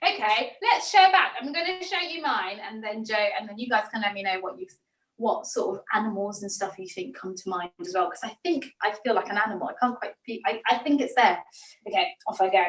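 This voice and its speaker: A woman, a theatre director leading an online acting workshop, talking in a lively, demonstrative way. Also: mid-range voice, fairly quick. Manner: lively, demonstrative, laughs often. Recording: echoey room, mic at a distance.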